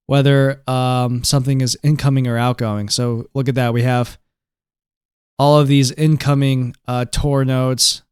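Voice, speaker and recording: A man's voice: medium pitch, smooth. A man hosting a casual tech tutorial, explaining things conversationally and checking in with the viewer with "right?" and "okay?". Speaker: host.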